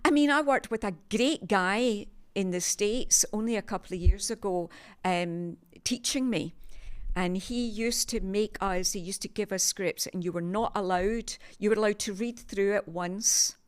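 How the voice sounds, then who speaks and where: Animated older Scottish woman. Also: medium pitch, a little slow, clean tone. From Scotland, Glasgow. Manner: animated, emphatic storyteller. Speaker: guest, TV sales presenter. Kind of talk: conversational storytelling.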